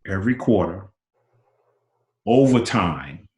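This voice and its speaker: A man in his sixties with a low voice tells stories as an interview guest. He acts out other people's lines with sudden leaps in pitch and repeats words as he builds up. The sound carries a roomy echo. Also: animated, slow, darkish tone. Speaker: interview guest, former basketball player. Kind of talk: animated storytelling.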